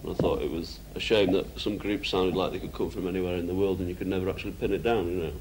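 Rambling man, lowish voice. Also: fairly even intonation, quick pace, very noisy. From England. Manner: rambling anecdotes, laughing, many "you know"s. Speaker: musician interviewee. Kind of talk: archival interview.

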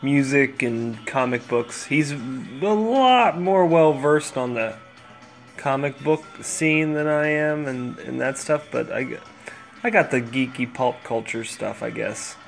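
Gravelly-voiced tired male host, loose distracted solo chat, faint music bed. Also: medium pitch, slow. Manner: rambling, distracted, talks to his cats. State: tired, yawning. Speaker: podcast host.

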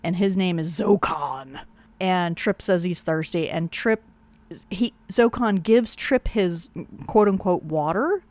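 A woman co-hosting a casual podcast chat, animated, laughing often and swearing freely. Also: on the low side, slow, no echo. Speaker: podcast co-host.

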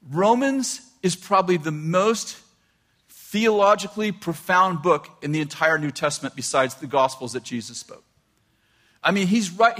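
An older man preaching a sermon, animated and laughing often as he quotes scripture. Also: sits high. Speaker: pastor.

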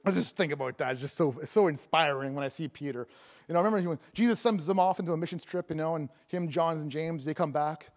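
A man with a notably high voice preaches a sermon as an evangelist. He keeps it casual and playful, laughing between points and stumbling through fillers and restarts as he goes. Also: fast talker.

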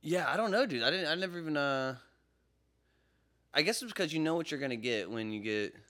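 A man co-hosting a podcast in casual chat, rambling and swearing, with sudden loud outbursts, recorded in a podcast studio. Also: fairly high pitch, expressive, a little fast. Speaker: podcast co-host.

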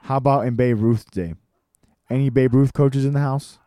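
A man's voice: mid-range voice, steady tone, moderate pace, mellow, no echo, studio quality, voice pushed up, close to an everyday voice. A man voicing an irascible 78-year-old baseball coach who barks questions at a crowd of coaches. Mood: gruff lecturing. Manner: barking, bellowing questions at a crowd.

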